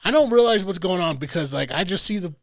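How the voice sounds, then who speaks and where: A young man on a podcast telling a story in a lively, profane way, acting out what people said. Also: high-pitched, fast, no echo. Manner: animated, profane storyteller who acts out quotes. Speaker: podcast host.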